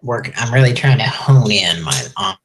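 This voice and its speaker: A man co-hosting a casual internet talk show, trading dry deadpan jokes. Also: on the low side, normal speed. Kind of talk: casual chat.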